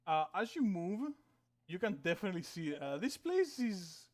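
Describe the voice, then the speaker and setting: A male game master narrates a tabletop game in a loose, casual way. He fills his talk with fillers and swears freely, and his voice is a little high. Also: sing-song, normal speed.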